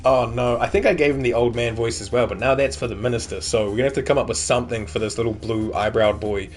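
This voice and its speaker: A man's voice: medium pitch, steady tone, fast. A man giving loose, casual commentary while playing a game, chatty and swearing now and then. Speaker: gaming streamer. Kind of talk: casual let's-play commentary.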